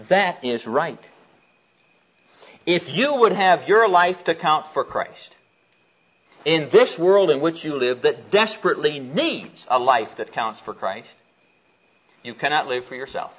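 A man preaching a sermon, telling a personal story and reading scripture aloud in an animated way. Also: on the high side, unhurried. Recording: dull lo-fi recording.

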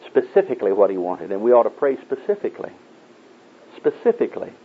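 Male preacher, husky voice, folksy sermon storytelling, lo-fi phone-like recording. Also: sing-song, quick pace. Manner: folksy storytelling, acting out voices in raised pitch. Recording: tinny phone-like old tape.

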